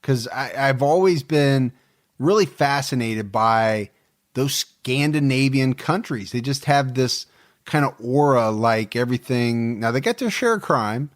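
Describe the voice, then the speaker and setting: A man's voice: mid-range voice, animated, unhurried. Guy cohosting a true crime podcast, easygoing, jokes around, laughs a lot. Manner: easygoing, teasing, laughs often. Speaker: podcast co-host.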